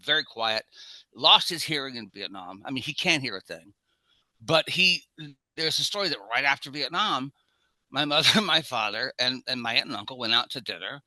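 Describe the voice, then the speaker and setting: A man co-hosting a casual film discussion, telling stories in an animated way and acting out the quotes. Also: mid-range voice, normal speed, dry recording. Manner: animated storyteller, acts out quotes. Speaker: podcast co-host.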